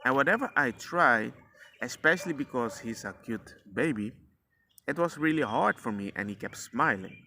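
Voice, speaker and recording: Bright-voiced man telling a casual story. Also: medium pitch, animated, normal speed, a little hiss or hum. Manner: rambling and slangy, acting out quotes of himself and his son. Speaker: father sharing parenting experiences. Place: outdoors, near a passing dog walker.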